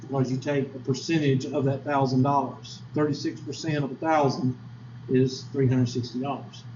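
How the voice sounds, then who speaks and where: This statistics teacher, a man with a mid-range voice, speaks at a moderate pace with flat delivery. His folksy, chatty lecture quizzes students and adds asides. The classroom recording is echoey and lo-fi, with background noise.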